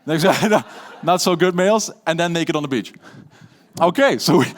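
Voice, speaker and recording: A man with a Dutch accent giving a lively stage talk on public speaking, playful and shifting between loud and hushed delivery. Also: fairly high pitch, normal speed. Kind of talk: live keynote talk with audience interaction.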